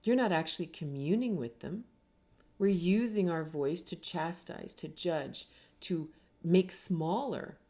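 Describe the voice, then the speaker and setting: A middle-aged woman with a lowish, warm, slightly slow voice gives a reflective teaching talk on spirituality. She is earnest, asks many rhetorical questions, and often tags her points with "right?"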